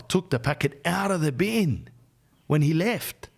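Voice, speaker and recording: A man's voice: a little high, big pitch swings, fairly quick. Blunt Australian man giving advice. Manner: blunt and slangy, keeps calling the listener "bro". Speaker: podcast host. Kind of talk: casual podcast monologue giving life advice.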